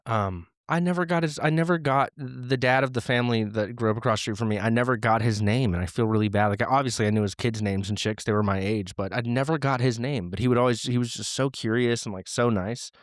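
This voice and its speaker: A man's voice: mid-range voice, quick pace, few pauses, dry recording, studio quality. A man from the Los Angeles area, hosting a podcast in a casual, rambling monologue with many restarts. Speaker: podcast host.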